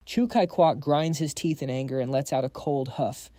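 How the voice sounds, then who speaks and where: A man narrating a comic story recap in an even storytelling delivery. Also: mid-range voice, normal speed, hardly any pauses, dry recording, studio quality.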